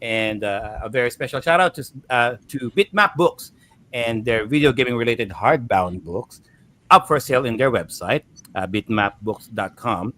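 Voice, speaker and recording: Relaxed man hosting a gaming show. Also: medium pitch, normal speed. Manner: relaxed, filler-heavy introductions with small laughs. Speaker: podcast host. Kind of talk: casual livestream hosting.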